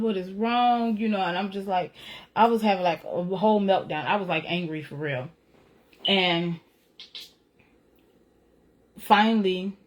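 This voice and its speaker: A woman telling a personal faith story in a casual, earnest way, often checking in with "right?" and "you know". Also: medium pitch. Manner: reflective, retelling feelings with rising emotion. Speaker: author sharing a personal testimony.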